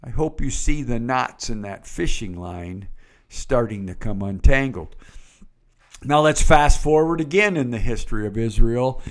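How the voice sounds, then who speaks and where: Male pastor, unhurried storytelling sermon with playful asides. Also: mid-range voice, lively intonation.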